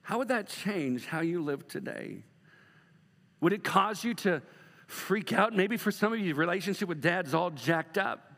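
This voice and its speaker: A middle-aged man preaching a sermon as a pastor, moving from loud emphatic bursts to soft, slow passages. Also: high-pitched, animated, long reverb tail.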